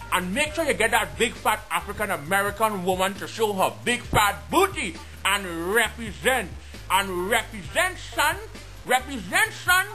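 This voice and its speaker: A man's voice: very high-pitched, sharp tone. A man delivering a mocking, exaggerated comedic rant to his viewers. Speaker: comedy vlogger.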